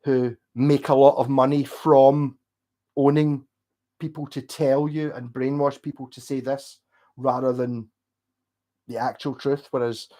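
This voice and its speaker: A man's voice: mid-range voice, level tone, a little slow, mellow. A drunk man with a Scottish accent, hosting a casual late-night livestream, rambling and swearing as he rants to viewers. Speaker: livestream host.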